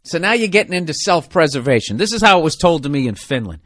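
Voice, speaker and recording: A man with a somewhat high voice rants in a rambling comedic monologue, excitable and profane, often mocking himself. He talks close to the mic in a dry, dead room. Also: quick pace, dry recording. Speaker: podcast host.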